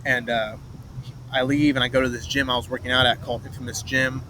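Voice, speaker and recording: A young man vlogs a rambling first-person story from a noisy street, traffic audible behind him. His voice is medium-pitched and level, a little fast. Along the way he restarts, swears, and mimics others' voices in quotes.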